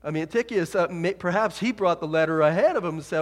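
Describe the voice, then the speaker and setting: A man preaching a sermon in a church, dramatic, dropping to a hush and rising loud. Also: high-pitched, fast, few pauses. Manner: dramatic, swings from hushed to loud. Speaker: pastor. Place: church sanctuary. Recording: long hall reverb.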